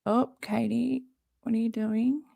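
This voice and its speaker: Woman, gravelly voice, slow and rambling, casual live reaction chat, swears a lot. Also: on the high side, steady tone, mellow, no room sound, studio quality. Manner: swearing, rambling, self-interrupting, laughing. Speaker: reaction streamer.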